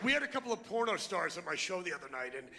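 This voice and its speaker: A man's voice: high voice, very animated, racing, in a large hall, very noisy. A middle-aged man doing a stand-up routine, ranting and insulting the crowd in a brash manner on a club stage. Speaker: stand-up comedian. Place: comedy club before a live crowd.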